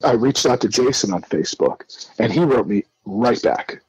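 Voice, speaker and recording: Husky middle-aged man telling a story. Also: mid-range voice, normal speed, dry recording, rough recording. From New Jersey. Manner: animated, acts out quoted dialogue with many restarts. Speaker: guest. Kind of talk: casual storytelling interview.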